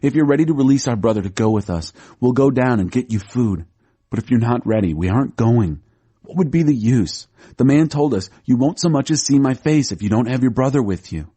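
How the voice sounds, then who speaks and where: A man's voice: mid-range voice, animated, a little fast, dark tone, slightly rough. A man reading as an earnest pleading son. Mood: urgent. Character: earnest grown son, urgent and resolute.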